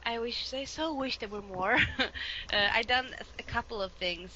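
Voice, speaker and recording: A woman from Sweden with a Swedish accent, English not her first language, chatting casually as an interview guest, lively and laughing often, with many fillers. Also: on the high side, normal speed, dull audio, heavy background noise. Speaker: voice actress guest.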